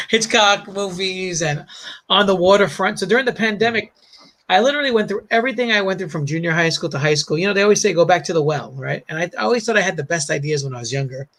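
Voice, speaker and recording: A man with a Bronx New York accent talks through his old comic work in a loose, rambling way. His voice sits a little high for a man and carries a gravelly edge. He keeps circling back with fillers and asides. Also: fast talker. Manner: rambling, animated storytelling with frequent fillers and laughs. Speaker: comic creator guest. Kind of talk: casual chat.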